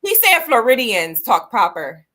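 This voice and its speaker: American woman, podcast co-host: bright, forward tone; loose, joking, profane banter. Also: on the high side, very animated, measured pace. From United States. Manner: playful, profane, teasing banter. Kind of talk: casual chat.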